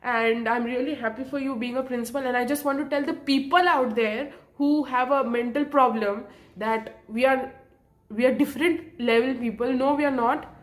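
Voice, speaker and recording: A woman's voice: sits high, normal speed. A young woman vlogging about her feelings, emotional and close to tears, apologizing often with nervous laughs. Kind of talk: emotional personal vlog.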